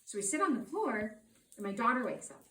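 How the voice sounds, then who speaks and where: A middle-aged woman telling a personal story to a live audience, lively, acting out the people and sounds in it. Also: a little high, fairly quick, a little hiss or hum. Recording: roomy sound from a distant mic.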